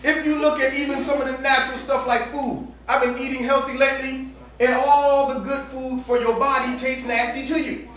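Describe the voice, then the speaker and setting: Man, sermon, high voice, slangy and playful, echoey room, distant mic. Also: little pitch movement, normal speed, fairly bright tone. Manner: casual slang-filled preaching, acts out dialogue, laughs often. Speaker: campus minister preaching.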